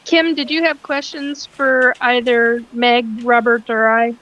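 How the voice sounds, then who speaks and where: A woman's voice: a little high, level tone, a little slow, a bit bright, dull audio. A woman co-hosting a casual chat, blunt and joking.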